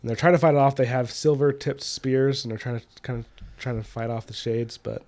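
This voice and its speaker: A man's voice: medium pitch, steady tone, brisk, a little mellow. A man co-hosting a podcast who loosely retells a book's plot in casual chat, with many fillers. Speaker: podcast co-host. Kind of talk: casual book discussion.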